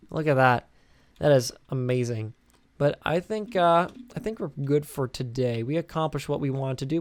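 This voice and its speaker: Tired, chatty young gamer with a dry mic. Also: male voice, fairly high pitch, no echo. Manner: rambling and chatty, with filler words and restarts. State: tired and sleepy. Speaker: gaming channel host. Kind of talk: casual game commentary while building.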